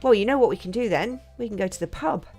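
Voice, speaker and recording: A woman's voice: mid-range voice, animated, quick pace, a little mellow, faint music behind. A woman chatting casually and laughing as she streams a cosy farming game. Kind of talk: cosy game livestream chat.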